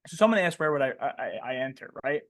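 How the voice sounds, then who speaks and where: A man's voice: mid-range voice, fast talker. A man coaching traders in a live webinar, asking the audience questions and tacking "right?" onto nearly every line, with a slangy, joking manner. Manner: animated, asks questions and tags "right?" constantly. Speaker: trading coach.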